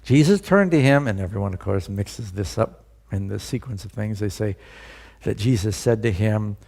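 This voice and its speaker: A man's voice: lowish voice, normal speed, gravelly, darkish tone. A male pastor preaching a sermon, putting rhetorical questions to his listeners and stressing key words.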